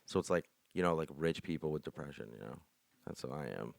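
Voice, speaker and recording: A man's voice: very deep voice, expressive, fast, creaky, dry recording. A young man co-hosting a podcast in casual, rambling chat, joking and leaning hard on "like". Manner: rambling, joking, heavy use of "like". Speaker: podcast co-host.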